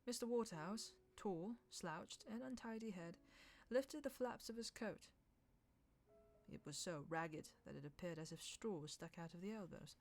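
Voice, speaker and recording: A woman reading a classic novel aloud in measured, lightly dramatic narration over faint background music. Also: lowish voice, darkish tone.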